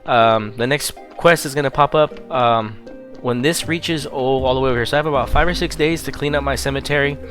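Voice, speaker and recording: A man talks casually through a video game, explaining each step in an easygoing, chatty way. His voice is low and relaxed, with some fillers. Quiet music plays in the background. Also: fairly quick. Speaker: game streamer. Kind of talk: casual gameplay commentary.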